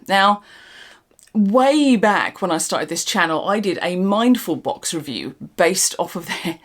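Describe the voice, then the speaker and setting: An older woman, hosting an unscripted casual product review in a rambling, dry and sarcastic way. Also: medium pitch. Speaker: channel host reviewing products.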